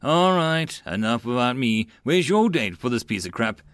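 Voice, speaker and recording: A man's voice: mid-range voice, very animated, normal speed, a bit bright, clear, resonant tone, no room sound. A man doing a cheeky, joking soldier. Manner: cheeky banter.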